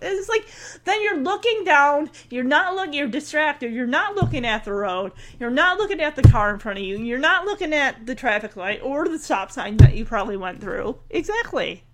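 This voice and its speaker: A chatty woman recapping an episode in a casual, rambling way. Her voice sits high and swings a lot as she slips into the characters' lines. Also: moderate pace, a crowd in the background. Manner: chatty, animated, acts out quotes. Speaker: show recapper. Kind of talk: casual chat.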